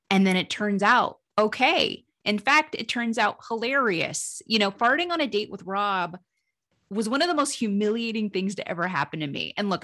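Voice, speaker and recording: A woman humor writer telling funny personal stories as an interview guest, lively and laughing, her voice jumping up when she reaches the punchlines. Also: mid-range voice. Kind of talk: animated storytelling in an interview.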